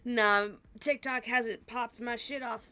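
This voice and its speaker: With a fairly high, rather even-toned voice that is slow, pushed and bright, an American woman chats casually on her stream. She sounds tired, laughs frequently, and greets viewers by name.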